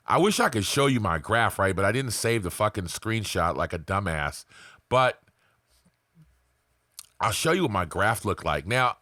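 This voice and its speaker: A man's voice: fairly low pitch, bright, forceful tone, no room sound, studio quality. A man vlogging to his viewers in a casual motivational rant, emphatic and profane, peppered with "man" and "right". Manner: fillers like "man" and "right", rambling.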